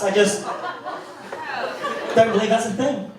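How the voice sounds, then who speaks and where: A young man from the north of England with a Northern English accent, performing an animated stand-up comedy set. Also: brisk. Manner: animated, jumps into high-pitched character voices for punchlines. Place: comedy club. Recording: echoey club from a distance, clear crowd laughter.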